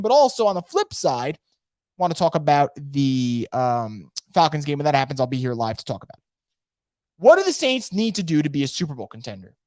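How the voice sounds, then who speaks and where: A man hosting a casual live sports podcast from home, energetic and opinionated, rambling with frequent restarts. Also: fairly high pitch, dry recording, studio quality. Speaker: podcast host. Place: home room.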